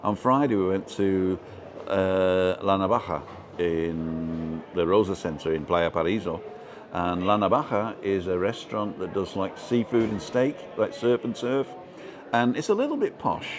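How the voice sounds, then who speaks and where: Man, UK, deep voice, relaxing, casual live stream host, chatty. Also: expressive, measured pace, noisy background. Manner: chatty, rambling, reading out viewer comments.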